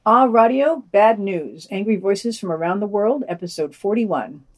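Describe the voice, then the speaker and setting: A woman's voice: medium pitch, lively intonation, normal speed, recorded from a distance. Woman podcast co-host, wry and hesitant, speaking a little off-mic. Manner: wry, hesitant, restarts her thoughts. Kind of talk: podcast reviews and casual discussion.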